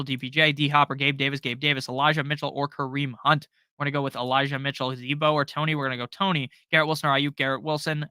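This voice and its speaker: A young man hosting a live fantasy football stream, firing off quick, profane answers to viewer questions from his home setup. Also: medium pitch, bright, forceful tone, smooth, no room sound. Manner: fast, profane, joking, reads viewer questions aloud. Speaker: fantasy football livestream host. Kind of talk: rapid-fire live Q&A.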